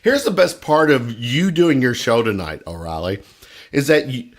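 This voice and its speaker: A man's voice: medium pitch, big pitch swings, normal speed. A young man with a Kentucky accent, chatting casually as a guest podcast host, rambling and joking with a slight buzz. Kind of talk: casual chat.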